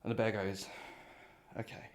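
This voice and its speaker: A man's voice: lowish voice, normal speed, creaky. A man co-hosting a podcast. He talks in a loose, rambling way, padding his story with fillers. He giggles at his own joke as he goes. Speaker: podcast co-host. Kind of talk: casual chat, telling a long joke.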